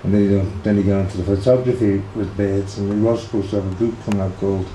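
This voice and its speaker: An older man with a Liverpool accent talks in a low, mellow voice. He rambles through his memories with plenty of fillers, restarts and little chuckles. The room is echoey, with a faint hiss behind him. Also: steady tone, quick pace. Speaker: interviewee, singer's brother. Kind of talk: casual reminiscing interview.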